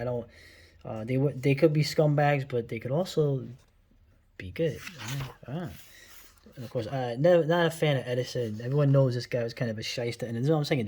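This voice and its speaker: A man's voice: medium pitch, darkish tone, husky. A man in his forties with a New York accent, talking through old cartoons in a rambling, blunt way full of asides and tag questions. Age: 40s. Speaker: video host. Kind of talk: casual commentary.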